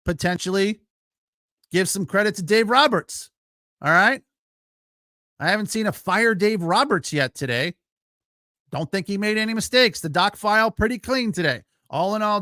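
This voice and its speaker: A man's voice: fairly high pitch, bright, forceful tone, no echo, studio quality. A man hosting a solo postgame sports podcast, talking casually with lots of fillers and reacting to live chat. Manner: casual, chatty, frequent fillers, laughs easily.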